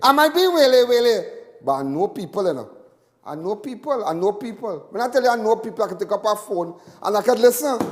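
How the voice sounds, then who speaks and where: A man with a Trinidadian accent hosting a live talk show, giving rambling, animated commentary and repeating himself often. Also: high voice, in a large hall. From Trinidad and Tobago. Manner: animated, repetitive, laughs often.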